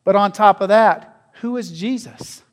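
Man, pastor, sermon, high voice, questioning the listeners, swings in loudness. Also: a little slow. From North America. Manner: asks the congregation questions, varies loudness widely.

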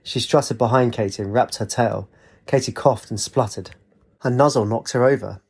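A man narrating a storybook in a steady, expressive reading voice. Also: mid-range voice, normal speed, gravelly, husky.

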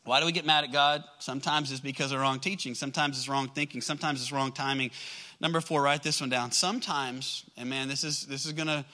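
A man's voice: medium pitch, steady tone, fast talker, bright, forceful tone, poor audio. A man preaching a sermon in a conversational way, asking the congregation questions and acting out prayers. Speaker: pastor.

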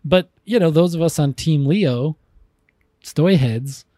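A man's voice: on the high side, slow, dark tone, slight background noise. A man co-hosting a podcast, chatting casually, rambling and enthusiastic with frequent restarts. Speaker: podcast co-host. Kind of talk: casual chat.

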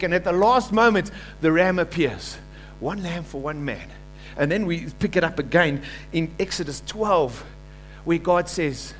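High-voiced pastor preaching. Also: male voice. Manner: animated preaching, acts out quoted voices, asks congregation to repeat. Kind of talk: sermon.

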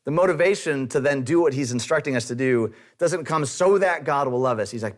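A man's voice: medium pitch, lively intonation, a little fast, hardly any pauses. A man preaching a sermon in a conversational way, with light self-deprecating humor. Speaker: pastor.

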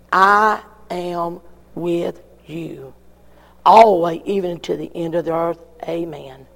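Male preacher, high-pitched and slow, emphatic repeated questions, reverberant church. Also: vocal fry. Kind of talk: sermon.

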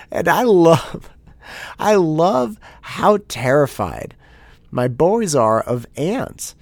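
Male podcast host, thirties, gravelly and lively, dry close-miked sound, casual storytelling. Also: medium pitch, no echo. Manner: animated storytelling with many restarts. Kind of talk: casual solo podcast monologue.

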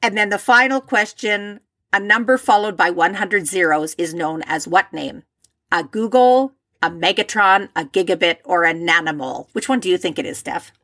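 Woman, casual storyteller, animated, voices the people in her story, dry mic. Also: lowish voice, moderate pace, dry recording. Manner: animated retelling, acts out quoted voices. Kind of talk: casual chat.

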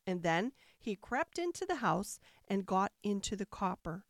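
Woman reading a fairy tale, lively storybook telling, dry close sound. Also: medium pitch, measured pace, dry recording. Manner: expressive storybook narration with rising emphasis.

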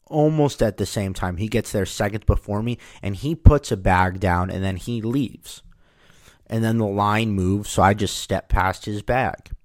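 A man's voice: deep voice, a little mellow, no echo, clean studio sound. A man telling a rambling, wry personal anecdote in a casual way, often restarting his words. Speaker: storyteller.

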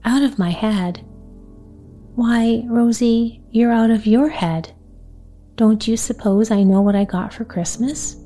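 A woman's voice: on the high side, takes it slowly, dark tone, soft background music. A woman voicing a sweet little girl. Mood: earnest.

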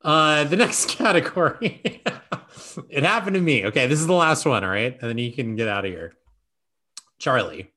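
A male podcast host in loose, casual chat who reads party-game prompts with playful amusement. His pitch swings widely as he talks. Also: expressive, normal speed, pushed and bright. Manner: playful, laughs while reading aloud.

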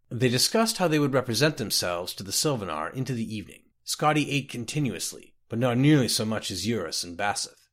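A man hosting and reading a fantasy book aloud with an expressive, theatrical delivery. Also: mid-range voice, a little fast, hardly any pauses. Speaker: host and reader. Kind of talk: scripted storybook narration.

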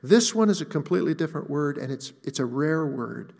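A man preaching a sermon, deliberate and emphatic, slowing down to stress key words. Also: on the high side, lively intonation, gravelly, darkish tone. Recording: long reverb of a large hall.

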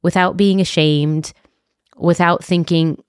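A woman in her thirties hosting a solo podcast, talking earnestly and from the heart, with restarts and soft laughs. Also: on the low side, steady tone, moderate pace, smooth, dry recording, clean studio sound. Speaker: podcast host. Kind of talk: reflective solo podcast monologue.

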